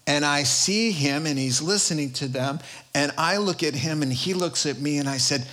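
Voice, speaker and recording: A pastor preaching a sermon, telling a story with frequent laughter. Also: male voice, medium pitch, a little fast, background noise.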